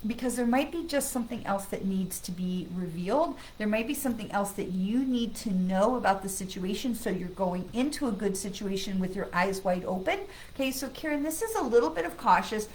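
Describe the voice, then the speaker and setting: A woman psychic medium with a medium-pitched voice does a live-stream card reading at a fairly quick pace, chatting casually and reassuringly while often checking in with "okay?" and "right?". The recording is rough with slight background noise, and she bursts into loud, excited laughter when greeting friends.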